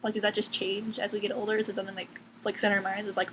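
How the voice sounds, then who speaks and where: A woman's voice: mid-range voice, level tone, fast talker. A teenage girl ranting casually to camera from her bedroom, sarcastic, swearing freely and filling her talk with "like". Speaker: vlogger. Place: bedroom at home. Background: cats making noise.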